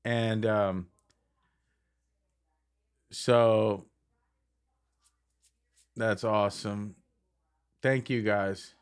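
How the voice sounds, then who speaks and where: A man's voice: lowish voice, little pitch movement, very slow, long pauses, clear, resonant tone. Rambling middle-aged man on a live stream. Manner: rambling and affectionate, many fillers. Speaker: band frontman on a live stream. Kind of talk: casual live-stream chat.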